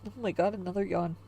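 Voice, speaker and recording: A woman's voice: medium pitch, no room sound, narrow, tinny audio. Blunt, swearing woman streamer. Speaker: streamer reading webcomics. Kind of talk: casual live-stream commentary.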